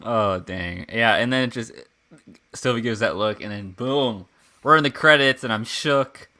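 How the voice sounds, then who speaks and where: Male co-host, bright crisp voice, animated, mimics characters while he talks. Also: mid-range voice, moderate pace. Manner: animated, acts out characters' lines. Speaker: podcast co-host. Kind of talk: casual chat.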